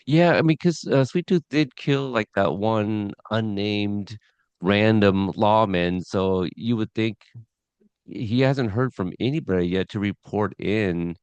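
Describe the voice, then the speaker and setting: A man's voice: lowish voice, slow, a little mellow, clear, resonant tone, dry recording, muffled recording. A man hosting a casual podcast, recapping an episode from his notes in a rambling way with chuckles. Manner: rambling, chuckling, reads scene notes aloud.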